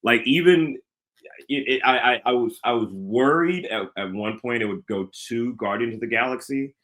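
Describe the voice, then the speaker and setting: A man's voice: mid-range voice, normal speed, fairly bright tone. A man co-hosting a casual podcast chat, earnest and reflective, stammering into emphatic points. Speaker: podcast co-host.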